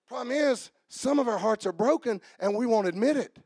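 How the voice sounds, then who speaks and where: High-pitched preacher guy, shouts then goes quiet, call and response, dry close sound. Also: slightly rough, no room sound. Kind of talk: sermon. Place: church service.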